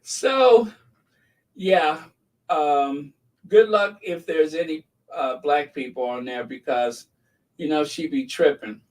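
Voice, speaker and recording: Man, host, gossip commentary, rambling, mocking, very slow pace, distant mic. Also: on the high side. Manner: rambling, mocking, laughs at his own jokes. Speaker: channel host.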